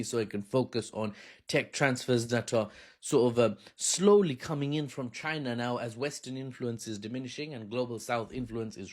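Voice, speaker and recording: A man giving casual political commentary in a sarcastic, mocking way, with chatty slang. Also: medium pitch.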